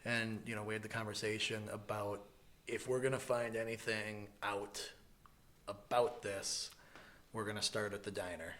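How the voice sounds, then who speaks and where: A man's voice: on the low side, level tone, normal speed, fairly bright tone. A man from the American Midwest co-hosting a podcast, chatting casually with a joking, laid-back manner and lots of fillers. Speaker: podcast co-host. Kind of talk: casual chat.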